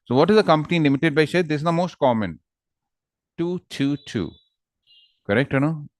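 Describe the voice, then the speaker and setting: A man's voice: a little high, expressive, brisk, dry recording, studio quality. A man with an Indian English accent teaching an online law class, quizzing students and teasing them.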